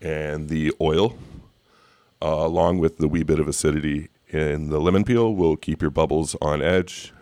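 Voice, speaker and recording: A man co-hosting a casual talk show, telling animated stories and swearing casually. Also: extremely low pitch, normal speed, no echo. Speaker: cocktail podcast co-host. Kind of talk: casual chat.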